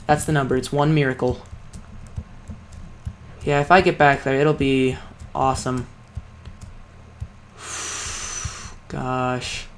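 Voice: mid-range voice, level tone, normal speed, pauses often, a little hiss or hum. Exasperated young gameplay commentator. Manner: self-critical, exasperated talk to self. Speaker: let's play creator.

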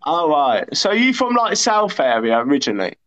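A man's voice: a little high, sing-song, brisk, a bit bright, highs cut off. A man hosting a provocative livestream chat, teasing and needling his guest with mock self-importance. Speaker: livestream host.

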